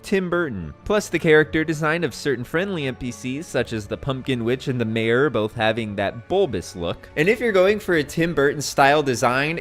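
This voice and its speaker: A man's voice: mid-range voice, expressive, moderate pace, hardly any pauses, faint music behind. A young man narrating a video game retrospective in an enthusiastic, conversational way. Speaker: game reviewer.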